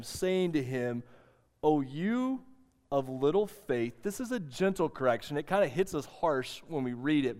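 An earnest male pastor delivers a sermon with a slightly raised pitch. He slows for soft emphasis, then presses with urgency. His voice carries a long reverb from a church hall. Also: smooth.

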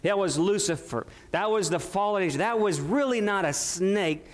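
A man's voice: sits high, lively intonation, moderate pace. A male pastor preaching a sermon, emphatic and full of rhetorical questions to his congregation.

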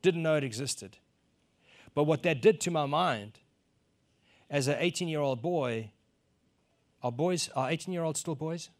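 A man's voice: on the high side, unhurried, pauses often. Preaching man from South Africa, storytelling. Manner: storytelling, acts out quoted exchanges, builds to loud emphasis. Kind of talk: sermon with personal story.

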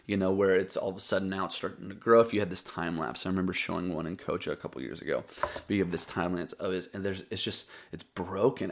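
A man with a deep voice and a rough, gravelly edge talks in a loose, rambling way. He tells a story as a casual podcast host and drops in "dude" and "buddy" as he goes. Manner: rambling, laid-back storyteller who calls listeners buddy and dude. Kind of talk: casual storytelling and poetry reading.

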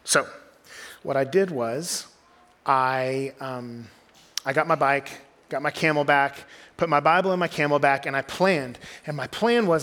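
A man's voice: mid-range voice, unhurried. A young adult man, preaching a sermon as a groups pastor in a conversational storytelling way. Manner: conversational storytelling, drops to quiet intensity.

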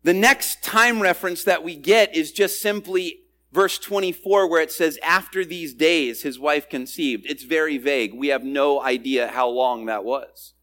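A male pastor delivers a sermon with an expressive, high-pitched voice. He swings between hushed asides to the congregation and bursts of loud emphasis. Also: normal speed, hardly any pauses.

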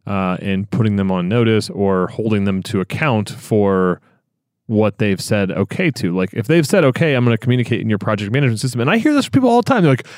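A man's voice: lowish voice, lively intonation, fast, a little mellow, no room sound, clean studio sound. A man hosting a podcast, reflecting enthusiastically on what his guest has said. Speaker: podcast host. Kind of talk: casual podcast conversation.

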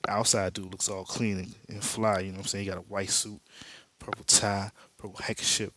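A man's voice: lowish voice, level tone, a little fast, background noise. A man hosting a podcast, casually recapping a comic book storyline in loose, slangy storytelling with spoken sound effects. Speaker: podcast host.

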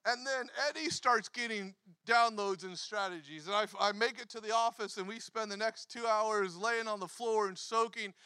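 A pastor in his thirties telling a story in a sermon, animated, acting out quotes and laughing often. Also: high-pitched, a little slow, smooth, no echo.

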